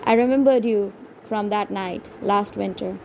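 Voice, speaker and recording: A woman's voice: medium pitch, creaky, a little mellow, slight background noise, lightly acted, rough recording. A woman voicing a confident, teasing young Irish man who speaks in a lilting, sing-song way in an audiobook. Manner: lilting, sing-song lines delivered slowly.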